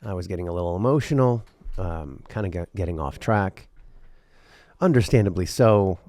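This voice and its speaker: A male podcast host talking alone, earnest and rambling, with a lot of repeated words, going from intense to quiet and emotional. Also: low voice, animated, normal speed, dry recording. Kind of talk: reflective solo podcast monologue.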